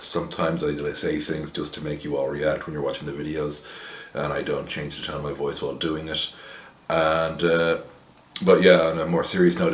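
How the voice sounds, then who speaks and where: An Irish man with a low voice talks through a beer tasting in a loose, rambling way. He is wry and blunt, with lots of fillers, and the room gives back a noticeable echo. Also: a little hiss or hum. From Ireland. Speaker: beer reviewer, host. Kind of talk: casual chat to camera.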